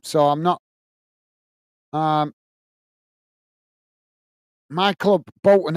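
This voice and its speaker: A man's voice: fairly high pitch, clear, resonant tone, no echo. A man hosting a live football watch-along, chatting loosely with viewers, reading out their comments and calling the play, often saying "mate". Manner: reads viewer comments aloud. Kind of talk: casual live-stream chat and match commentary.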